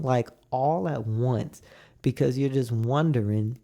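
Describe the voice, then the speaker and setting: Slow, gravelly young man chatting. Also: medium pitch, warm tone. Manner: laid-back, drawn-out storytelling with acted-out quotes. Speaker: podcast co-host. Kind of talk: casual chat.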